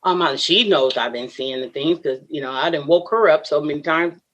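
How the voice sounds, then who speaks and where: A woman's voice: low-pitched, moderate pace, fairly bright tone. A woman, a podcast guest, earnestly telling a personal story and laughing often between lines.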